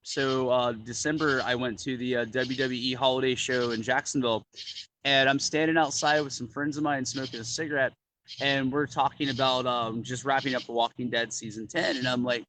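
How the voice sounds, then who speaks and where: A man chatting casually, telling animated stories full of "like" and "dude". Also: mid-range voice, fairly quick, slight background noise, poor audio. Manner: animated storyteller, lots of "like" and "dude". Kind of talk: casual chat.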